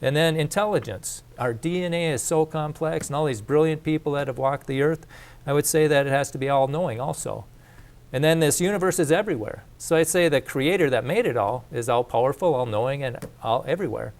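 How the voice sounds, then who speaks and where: A man's voice: on the high side, a little fast, a little mellow. A man teaching a faith course in a casual lecture, speaking conversationally with restarts and asides. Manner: conversational, repeats and restarts, plain speech.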